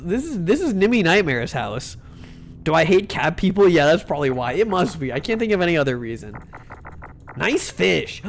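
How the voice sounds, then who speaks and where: A man's voice: a little high, big pitch swings, normal speed, creaky. A young man, a VTuber, chatting casually while streaming a game, rambling through jokey stories with lots of restarts and swearing. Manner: rambling, self-interrupting, joking and profane. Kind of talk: casual live-stream chat while gaming.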